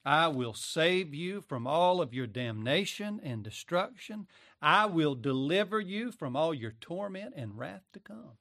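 Man, sermon, dramatic preaching, slightly high voice, dry close sound. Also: lively intonation, fairly bright tone, no room sound. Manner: dramatic preaching, acting out quoted voices, pausing often.

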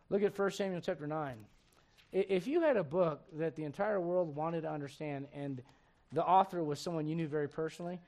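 A male pastor preaching at a midweek Bible study, raised in a Spanish-speaking home, getting animated on his points and reading scripture aloud. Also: sits high. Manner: animated, rising and loud on emphatic points, reads scripture aloud.

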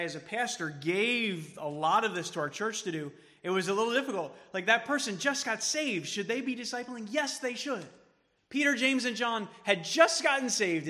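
A man preaching a sermon as pastor, emphatic, then dropping to soft tones for quoted words of comfort. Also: sits high, big-room sound. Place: church sanctuary.

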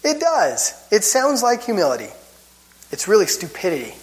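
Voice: medium pitch, huge pitch swings, normal speed. A Bible teacher giving a casual teaching talk with wry, chuckling asides, and gets worked up at times.

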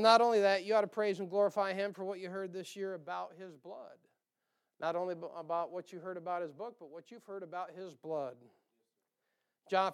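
Man, pastor, sermon, high-pitched, smooth clear voice, animated delivery. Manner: animated preaching with asides and quoted voices.

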